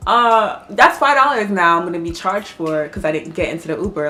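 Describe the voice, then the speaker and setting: A woman telling a personal story in a casual vlog, animated, laughing often and swearing freely. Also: medium pitch, normal speed, faint music behind.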